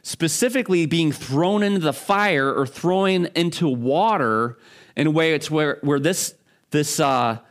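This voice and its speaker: A man preaching a sermon as a pastor, talking in a conversational, halting way with frequent restarts. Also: a little high.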